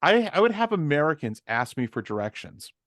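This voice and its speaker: A middle-aged man co-hosting a casual podcast chat, easygoing and quick to laugh, with frequent stammering restarts. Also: fairly high pitch, very animated, a bit bright, no echo, studio quality. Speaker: podcast co-host.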